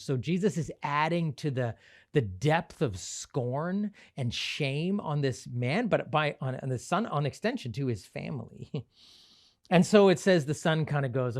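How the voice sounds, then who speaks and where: A man pastor telling a story in a sermon, animated, with frequent light laughs. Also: a little high. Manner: animated, laughs often, acts out quotes.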